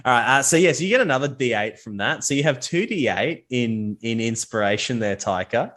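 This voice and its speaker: A man's voice: mid-range voice, animated, a little fast, fairly bright tone. A man running a tabletop game as game master, narrating loosely and profanely and laughing easily.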